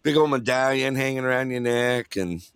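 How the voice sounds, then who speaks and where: A man's voice: mid-range voice, normal speed, a bit bright, slight background noise. A man hosting a casual live online talk show, joking and laughing often with callers. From New York. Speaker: host.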